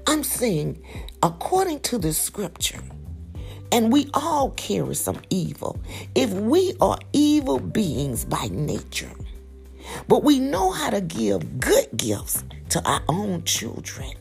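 A middle-aged woman with a raspy morning voice, preaching a sermon with passion, dropping to whispers and rising to cries. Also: mid-range voice, wildly swooping pitch, takes it slowly, faint music behind. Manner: impassioned preaching, swinging between hushed whispers and loud cries.

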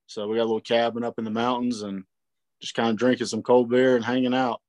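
A man's voice: medium pitch, level tone, fast talker, a little mellow, no room sound. A man talking as a guest in an easygoing, laid-back way. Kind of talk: casual chat.

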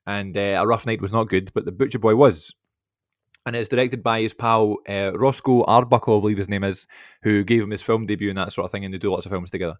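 A man's voice: on the low side, fairly even intonation, quick pace, no room sound, clean studio sound. A young man co-hosting a film podcast, chatting casually and rambling through stories with plenty of fillers. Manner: rambling storytelling, many fillers and asides. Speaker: podcast co-host.

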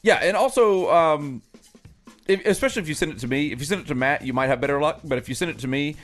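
A man's voice: on the high side, lively intonation, quick pace, faint music behind. A man co-hosting a late-night comedy podcast, teasing the others and reading out listener mail. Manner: teasing, dry ribbing of co-hosts. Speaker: podcast co-host.

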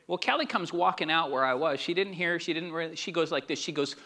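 A middle-aged man preaches a sermon in a bright, high voice. He drops low for storytelling, then rises to emphatic calls for amens. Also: lively intonation, fast talker. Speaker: pastor.

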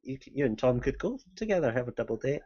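A man's voice: medium pitch, big pitch swings, fast, warm tone, a little hiss or hum. A man hosting a podcast, casually teasing his co-hosts and laughing often. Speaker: podcast host. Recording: dull lo-fi sound.

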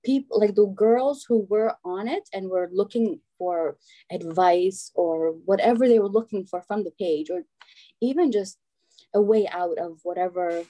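Frank, lively woman guest from Albania, middle-aged, warm and mellow in tone. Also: mid-range voice, measured pace. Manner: animated, frank storyteller. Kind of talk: casual conversation.

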